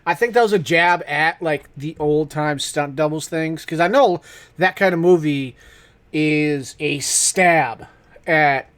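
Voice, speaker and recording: A man co-hosting a casual podcast chat, pausing often and mocking himself. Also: on the high side, fairly bright tone. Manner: self-mocking, hesitant with fillers. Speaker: podcast co-host.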